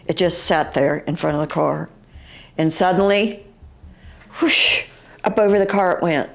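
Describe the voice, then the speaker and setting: An older woman with a West Virginian accent, recounting her own encounter as an eyewitness in a halting, vivid way, with fillers and restarts. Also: on the low side, creaky.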